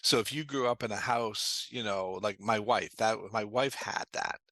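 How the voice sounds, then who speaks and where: A man with a bright, forceful voice talks as a guest in an interview, earnestly explaining his therapy work. He has a fairly low voice, and the recording is dry and close, with no room sound. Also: moderate pace, dry recording. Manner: earnest, explanatory, tells anecdotes. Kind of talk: conversational interview storytelling.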